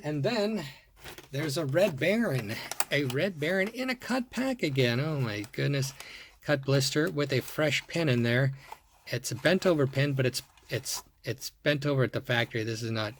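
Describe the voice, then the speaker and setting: A man's voice: mid-range voice, a little hiss or hum. A man showing off a toy car collection, talking casually and admiringly, repeating his words and thinking aloud as he goes. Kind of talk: casual show-and-tell vlog.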